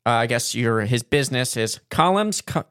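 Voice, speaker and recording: A man's voice: lively intonation, normal speed, fairly bright tone, clear, resonant tone, dry recording. Man with a dry close sound. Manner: chatty, upbeat salesy pitch. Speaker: podcast co-host. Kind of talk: casual chat and sponsor read.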